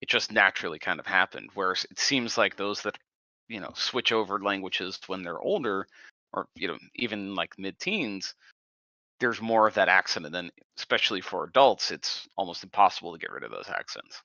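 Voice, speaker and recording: A man chatting casually as a co-host on a game stream. His voice is low yet bright, and it reaches the listener through a dull, dry, lo-fi microphone. He speaks in a relaxed way, often repeating words as he starts. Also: moderate pace, gravelly, no echo. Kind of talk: casual chat while gaming.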